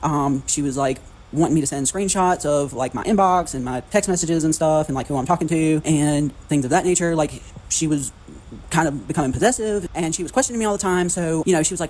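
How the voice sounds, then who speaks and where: A man rushes through a storytime vlog, talking fast and filling his pauses with hesitant ums. His voice sits a touch high for a man. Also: a little mellow, slight background noise, poor audio. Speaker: video subject telling his story.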